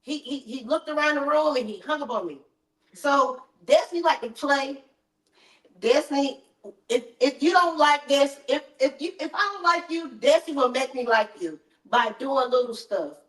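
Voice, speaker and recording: A woman telling her story as a mother in an interview, animated and repetitive, quoting what others said to her. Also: sits high, moderate pace. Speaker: interview guest, mother of the deceased. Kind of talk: emotional storytelling, reenacting conversations. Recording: echoey room, voice far from mic.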